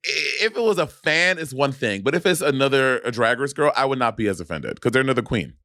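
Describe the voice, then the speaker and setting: A man's voice: mid-range voice, lively intonation, pushed and bright, no echo. Campy male co-host with a dry sound. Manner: campy and quick to laugh, brassy asides. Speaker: podcast co-host. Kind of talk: casual chat.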